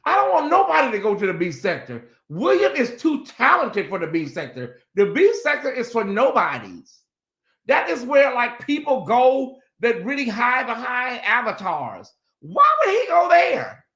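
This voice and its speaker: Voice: medium pitch, sing-song, normal speed, gravelly, fairly bright tone, roomy sound. A livestream host doing sassy, dramatic chat commentary and talking straight to the viewers.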